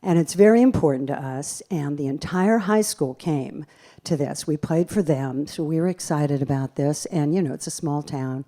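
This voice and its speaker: A woman pianist and bandleader telling lively, self-deprecating stories from a theater stage into a stage microphone between songs. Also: sits low, moderate pace. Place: theater stage at a live concert.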